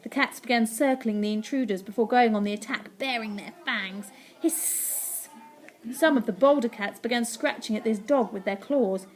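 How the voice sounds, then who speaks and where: A woman teacher reading a story aloud to her class, animated and playful, with sound effects. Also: fairly high pitch, a little fast, few pauses.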